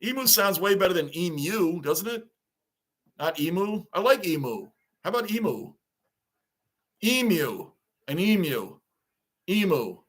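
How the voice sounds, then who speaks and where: A man's voice: high voice, sing-song, unhurried, pauses often. A man hosting a live stream, chatting casually as he reacts to a baseball game and reads viewer comments aloud, sounding like a frustrated fan.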